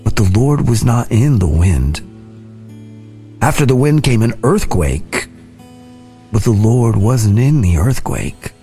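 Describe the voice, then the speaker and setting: A man reading scripture aloud in a slow, deliberate, soft-spoken way. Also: medium pitch, big pitch swings. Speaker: scripture reader. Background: soft guitar music.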